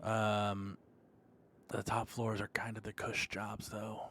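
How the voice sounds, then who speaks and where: A man's voice: lowish voice, monotone, slow, bright, forceful tone, a little hiss or hum. A man narrating a tabletop game as game master, in loose, rambling speech full of fillers.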